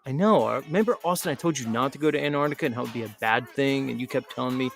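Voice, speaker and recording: A man's voice: mid-range voice, very fast, vocal fry, few pauses, fairly bright tone. Male host, casual rambling delivery with a mocking edge, faint music behind. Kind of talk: casual livestream talk.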